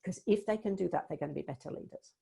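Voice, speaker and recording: Woman coach presenting online; dark, mellow, husky delivery, explanatory and warm. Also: lowish voice, fast talker. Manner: warm, explanatory, thinking aloud with restarts.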